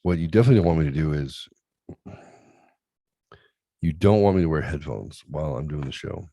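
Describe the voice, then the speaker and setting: Deep gravelly-voiced man, dark and dry. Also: animated, fairly quick, no echo. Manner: profane, rambling, acts out voices in anecdotes. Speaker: podcast host. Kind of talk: crude comedic chat.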